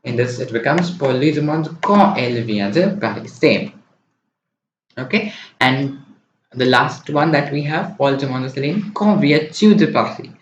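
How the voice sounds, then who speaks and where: At a normal speed, a man with a mid-range voice coaches French students for an exam online, going step by step and checking in with "okay?" and "right?". The recording is roomy, dull and lo-fi, with slight noise in the background.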